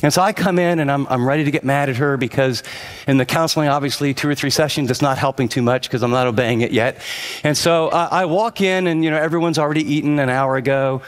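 A man preaching a sermon as a pastor, shifting between personal storytelling and urgent direct address, driving points home with repeated emphatic phrases. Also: mid-range voice.

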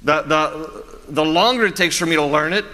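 A man preaching a sermon as a pastor, animated and storytelling, often restarting his phrases. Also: a little high, moderate pace, long reverb tail.

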